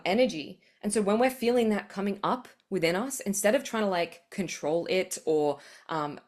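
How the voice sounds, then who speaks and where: A woman hosting a podcast, giving a rambling spiritual monologue, full of fillers and blunt swearing. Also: mid-range voice. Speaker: podcast host.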